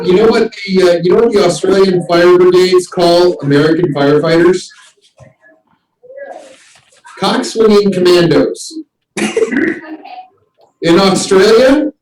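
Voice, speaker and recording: A man hosting a casual group chat, telling animated stories and shouting out the lines he quotes. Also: high-pitched. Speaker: host. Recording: distant mic in echoey room.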